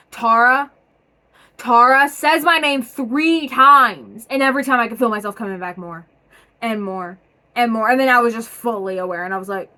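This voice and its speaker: Energetic young woman reading viewer stories. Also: mid-range voice. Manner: energetic and chatty, with many fillers. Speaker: vlogger reading submitted stories. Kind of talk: casual chat, reading aloud.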